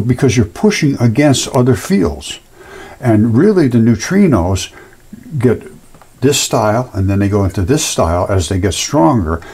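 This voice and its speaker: Casual male presenter, lively intonation, emphatic folksy explaining over pictures. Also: medium pitch, breathy edge. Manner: folksy, emphatic, with sound effects and repetitions. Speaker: presenter of fringe science videos.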